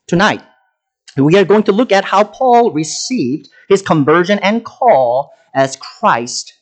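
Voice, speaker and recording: A man's voice: on the high side, darkish tone, poor audio. A man preaching a sermon, talking with many fillers and restarts. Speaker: pastor.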